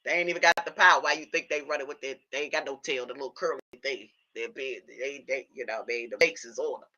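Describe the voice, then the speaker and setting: Woman livestream host, bright voice, preachy and insistent, spins long analogies and checks the audience is with her. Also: a bass voice, fast talker, lo-fi sound. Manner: preachy, builds long animal analogies, keeps asking listeners if they follow. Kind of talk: impassioned livestream monologue.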